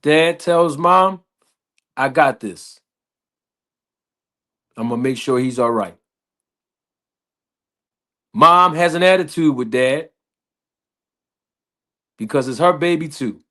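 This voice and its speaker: A man telling a story slowly and deliberately, repeating phrases as he builds it up. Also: fairly high pitch, pushed and bright. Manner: slow, deliberate, repetitive storytelling with laughs. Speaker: podcast host. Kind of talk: slow storytelling.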